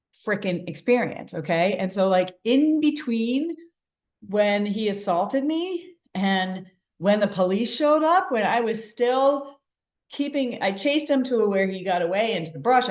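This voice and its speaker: A woman's voice: medium pitch, echoey room. A woman in her fifties coaching a group in an earnest, conversational way, often checking in with "right?". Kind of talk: coaching call talk.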